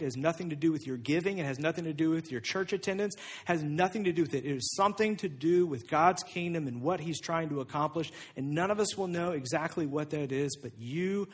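A man preaching a sermon, moving between loud, animated emphasis and quiet, hushed passages. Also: on the high side, a little fast, few pauses, slightly rough. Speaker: pastor.

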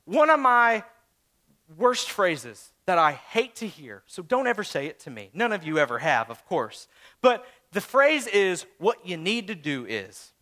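A young man preaching a sermon as a pastor, animated and acting out quoted voices, swinging from calm talk to shouting. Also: high-pitched, unhurried. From St. Louis area, USA.

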